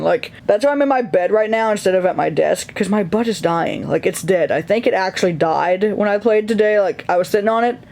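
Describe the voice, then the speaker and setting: A young man with a high speaking voice talks casually to his viewers from his bed. He rambles openly and laughs often between thoughts. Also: a little mellow. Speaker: video creator. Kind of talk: casual vlog chat. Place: his bedroom, lying in bed.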